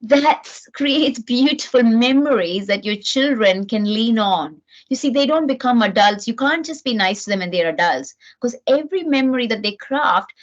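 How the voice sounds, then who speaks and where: Middle-aged woman giving a parenting talk, earnest and lively, kinda high voice, dull lo-fi sound. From New Zealand. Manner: earnest, animated, with frequent restarts. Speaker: parenting speaker. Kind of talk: motivational talk to camera.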